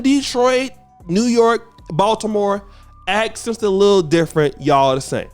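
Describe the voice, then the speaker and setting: Man, blunt, animated, swears, slightly high voice, faint music. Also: unhurried. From United States. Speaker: podcast co-host. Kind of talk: casual podcast chat.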